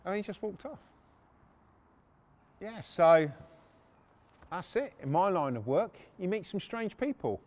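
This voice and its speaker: A man's voice: high-pitched, big pitch swings, a little slow, long pauses, a little mellow. A middle-aged man, telling crude, profane stories on his podcast with lots of fillers. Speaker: podcast host. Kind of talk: anecdotal storytelling.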